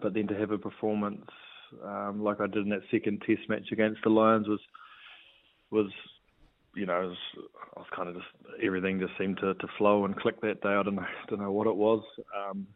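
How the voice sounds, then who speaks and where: A New Zealand man and former rugby player, chatting in a relaxed, rambling way as an interview guest. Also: fairly low pitch, brisk. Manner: relaxed, rambling with fillers and restarts. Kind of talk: casual interview chat. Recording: tinny phone-like line.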